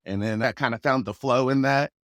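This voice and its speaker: A man's voice: medium pitch, a little fast, no echo. Laid-back storytelling man, dry sound. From Pacific Northwest, USA. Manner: relaxed, chuckles often, acts out quoted voices. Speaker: guest, rapper and actor. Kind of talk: casual conversational storytelling.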